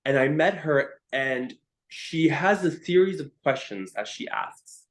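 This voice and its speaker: This harp teacher and musician, with a slightly high and animated voice, recounts stories during a podcast interview. Choked up with emotion, he halts and starts over frequently.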